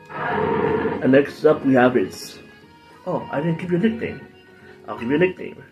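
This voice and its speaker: A man chatting through a game playthrough, rambling and joking about himself as he goes. He talks at an ordinary middle pitch. Faint music plays underneath his voice. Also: animated, a little slow, pauses often, darkish tone. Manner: rambling, jokey, self-deprecating. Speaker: gaming channel host. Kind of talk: casual game commentary.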